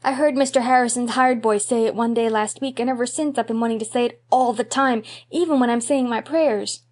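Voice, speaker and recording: A woman's voice: on the high side, a little fast, lightly acted. A woman reading an audiobook, voicing an eager, mischievous little boy in a raised, childlike voice. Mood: pleading. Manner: excitable, pleading, childlike.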